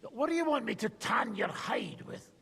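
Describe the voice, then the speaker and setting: An actor playing a gruff male sparring master in a game who taunts and barks at his opponent. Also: extremely high pitch, expressive, moderate pace, pushed and bright, long reverb tail, exaggerated voice. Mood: taunting. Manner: taunting, barking. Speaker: sparring trainer.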